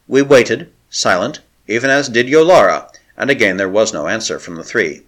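A man narrating an adventure novel in a measured, dramatic storytelling manner. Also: fairly low pitch, a bit bright. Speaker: audiobook narrator. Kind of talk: scripted narration.

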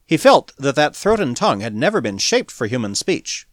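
Measured and expressive, a man narrates an audiobook at medium pitch. The recording has no echo and is studio quality.

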